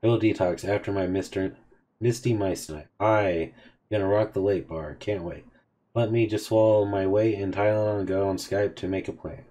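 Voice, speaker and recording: A man's voice: fairly low pitch, steady tone, normal speed, mellow. A man hosting a game video, casually reading out a chat of text messages between characters. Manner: casual, offhand reading of both sides of a chat. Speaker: gaming video host.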